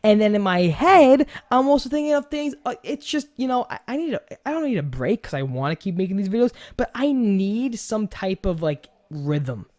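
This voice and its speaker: A man's voice: high voice, very animated, moderate pace, hardly any pauses, darkish tone. A young man with a New York accent chats loosely as a podcast host. He rambles from one thought to the next, doubles back on his words and swears freely. His delivery is casual and unscripted. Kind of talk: casual chat.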